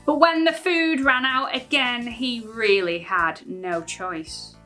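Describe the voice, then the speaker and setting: English lady doing kids church, bouncy sing-song voice, slow and bright. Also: a little high, soft background music. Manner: lively, sing-song storytelling. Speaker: children's ministry presenter. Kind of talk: reading a rhyming bible story to kids.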